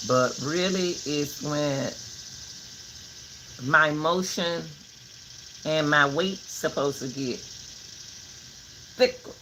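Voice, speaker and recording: An older woman talking casually to her viewers in a vlog, giving folksy, preachy advice in an animated way. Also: low-pitched, slight background noise, low-quality recording. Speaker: vlogger.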